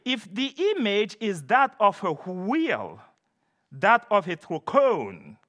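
A man's voice: sits high, sharp tone. A man preaching an expository sermon, emphatic and repeating key phrases for stress.

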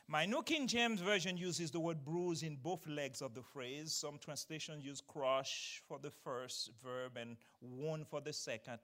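A man preaching a sermon, swinging from loud, emphatic declarations to quiet, explanatory teaching. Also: a little high, unhurried, hardly any pauses.

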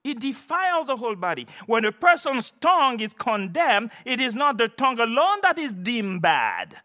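A man's voice: very high voice, bright, forceful tone. A man preaching an expository sermon, emphatic and repeating key phrases for stress.

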